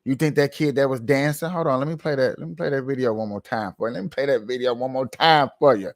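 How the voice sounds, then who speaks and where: A man giving casual, animated commentary on a livestream, firing off repetitive rhetorical questions in heavy slang. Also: mid-range voice, fast talker.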